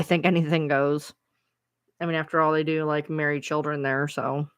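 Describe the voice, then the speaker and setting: A woman's voice: deep voice, little pitch movement, moderate pace, smooth, no echo, clean studio sound. A woman live streamer casually telling a rambling story to her viewers, chatty and swearing freely.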